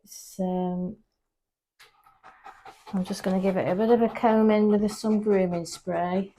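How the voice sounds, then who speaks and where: A woman with warm, fairly even intonation speaks a little slowly in an indoor grooming salon. She's a pet groomer vlogging casually, chatting and explaining her work, and she talks to the dog in a high, coaxing voice.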